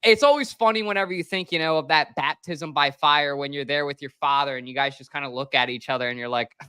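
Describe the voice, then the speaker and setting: A man's voice: a little high, fast talker, sharp tone, clean tone, dry recording, clean studio sound. A man talking in a casual sports podcast chat, earnest and blunt, swearing freely. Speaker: podcast guest.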